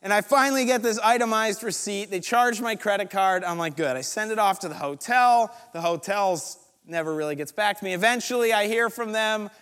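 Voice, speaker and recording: A man with a high voice preaches a storytelling sermon, acting out each person in the story with lively voices. His voice rings with the long reverb of a large hall. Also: fairly quick, few pauses, clean tone. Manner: animated, acts out other people's lines. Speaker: pastor.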